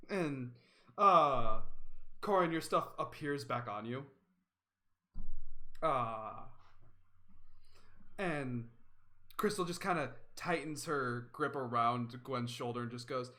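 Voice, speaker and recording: A man's voice: medium pitch, takes it slowly, long pauses, pushed and bright. A man running a tabletop game as game master, narrating in a chatty way with many fillers.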